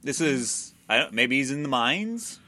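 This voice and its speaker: Bright-voiced man recapping a movie. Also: medium pitch, sing-song. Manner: recaps the plot with wry asides and quick character voices. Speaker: podcast co-host. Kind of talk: casual movie-review chat.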